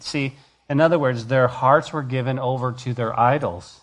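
A man's voice: medium pitch, fairly even intonation, moderate pace, a bit bright. A man preaching a sermon as pastor, reading scripture and rising to emphatic, passionate preaching.

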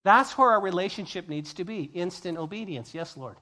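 A male pastor preaching a sermon, acting out scenes as quick dialogue and repeating key phrases for emphasis. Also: sits high, animated, bright, forceful tone.

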